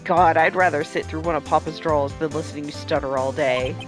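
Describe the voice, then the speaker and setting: A woman's voice: low-pitched, fairly even intonation, brisk, over music, close to an everyday voice. A woman voicing a touchy, brash country woman photographer with a put-on Southern drawl, folksy and scolding. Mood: gruff. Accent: put-on American Southern drawl.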